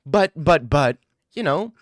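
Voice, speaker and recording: A man's voice: fairly high pitch, animated, takes it slowly, dry recording, studio quality. A young man chatting casually on a livestream, rambling and joking with slang. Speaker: streamer.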